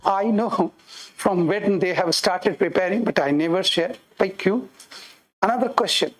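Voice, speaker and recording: A middle-aged Indian man lectures exam aspirants with an Indian English accent. He talks in an animated way, acts out candidates and parents, and slips Hindi phrases into his English. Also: sits high, a little slow, rough recording. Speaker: coaching teacher.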